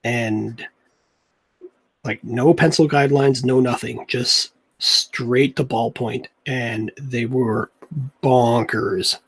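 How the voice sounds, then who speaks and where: A man's voice: medium pitch, steady tone, slow, husky. A young man, a comic artist, chatting in a rambling, laid-back way while he draws at home. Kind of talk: casual chat while drawing.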